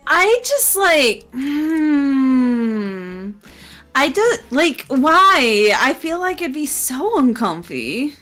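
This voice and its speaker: Unhurried woman guest with bouncy pitch, drawn-out laughing reactions, faint music behind. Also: big pitch swings, sharp tone. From United States. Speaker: guest streamer. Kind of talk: casual chat.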